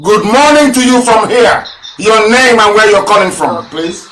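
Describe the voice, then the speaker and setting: Guy hosting live call-ins, high bright voice, echoey, sits back from the mic, keeps saying go ahead. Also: animated, moderate pace, distant mic. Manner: repeats callers' names, urges them to go ahead. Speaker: host taking callers. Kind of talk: live call-in question and answer.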